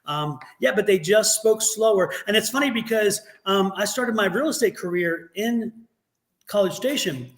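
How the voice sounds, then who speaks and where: A high-voiced man chatting fast on a casual tarot livestream. He tells stories, slips into put-on voices and laughs often as he talks. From West Virginia family, East Coast. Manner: animated storyteller, quick talker who puts on Southern voices and laughs often. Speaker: tarot reader co-host.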